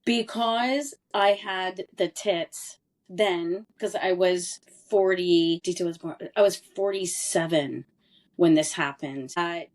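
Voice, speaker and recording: A podcast guest in her forties, who lived abroad in Europe, recounts a family story with earnest, candid emphasis. She speaks slowly, her voice sitting on the low side.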